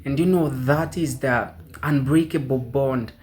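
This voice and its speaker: A man hosting a commentary video, speaking measured with many fillers. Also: medium pitch, darkish tone. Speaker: channel host.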